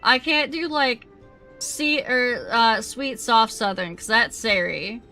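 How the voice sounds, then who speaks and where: A young woman chats to her stream audience while she plays, giggling often. Her voice is bright and unhurried. Faint game music hums in the background. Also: a little high. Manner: chatty and giggly, talks to chat. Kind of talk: casual live game stream chat.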